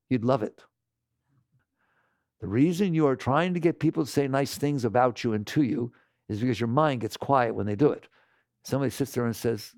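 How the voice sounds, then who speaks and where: A man giving a spiritual talk to an audience, animated and laughing often as he acts out imagined voices. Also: mid-range voice, moderate pace, dry recording, clean studio sound. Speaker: spiritual teacher.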